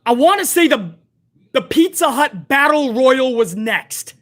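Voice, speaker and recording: A woman's voice: high voice, sing-song, measured pace. A woman hosting a live wrestling review stream, ranting bluntly and heatedly with plenty of profanity. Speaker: wrestling show host.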